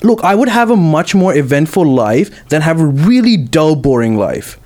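A man's voice: a little high, very animated, moderate pace, darkish tone. A young man arguing his point insistently in a casual debate. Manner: insistent, emphatic.

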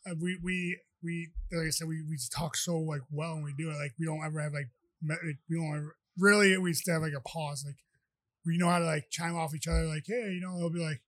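A man who is a professional fighter, chatting as a podcast guest and telling rambling, animated anecdotes. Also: a little high, quick pace, no echo. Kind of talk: casual storytelling.

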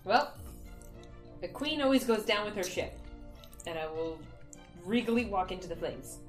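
A woman at a tabletop game, playing up a regal bard with a playful, theatrical touch. Her voice sits at a middle pitch, with soft music in the background. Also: lively intonation, moderate pace. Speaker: player. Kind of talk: tabletop role-play, in character as a bard queen.

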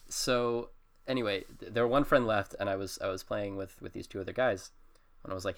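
A young man with a fairly low voice rambles through a story on a casual podcast. He stumbles over his words, restarts often and laughs between sentences. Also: steady tone, normal speed, pauses often. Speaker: podcast co-host. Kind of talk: casual chat.

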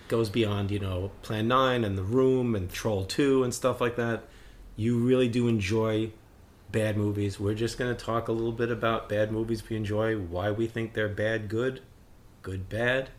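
A man co-hosting a casual chat, an animated storyteller who acts out quotes and laughs often. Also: fairly low pitch. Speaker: podcast co-host.

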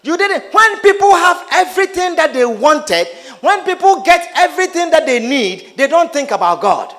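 High-voiced, animated preacher man. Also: normal speed. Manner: animated, calls out to the congregation with questions and teasing. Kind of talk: sermon.

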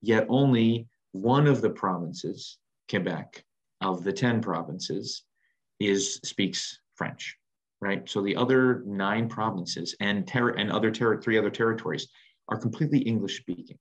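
A man from the United States co-hosting a casual chat, animated and jokey, wandering off on tangents. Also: fairly low pitch, measured pace. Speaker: podcast co-host.

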